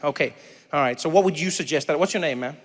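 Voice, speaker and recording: A man in his thirties with a South African accent doing stand-up crowd work, animated and breaking into loud high impressions. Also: fast. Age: 30s. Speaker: stand-up comedian. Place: large theater stage. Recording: live hall with faint crowd noise.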